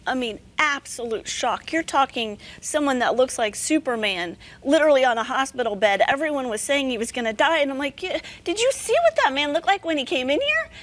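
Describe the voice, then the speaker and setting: A woman guest giving an earnest, emphatic faith testimony with a slightly hoarse, damaged voice. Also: sits high. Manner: earnest, emphatic, preacher-like cadences.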